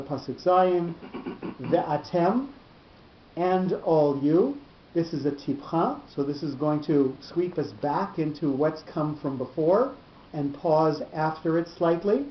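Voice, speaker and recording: A man teaching a Torah study class, explaining slowly and often repeating his words. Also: fairly high pitch. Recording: roomy lo-fi class recording.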